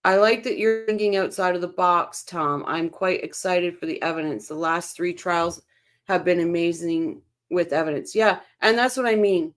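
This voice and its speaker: A woman hosts a casual true-crime livestream and chats her way through viewer comments. Her voice sits a little low for a woman, and she reads the comments aloud and reacts to them as she goes. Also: normal speed. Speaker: livestream host reading chat.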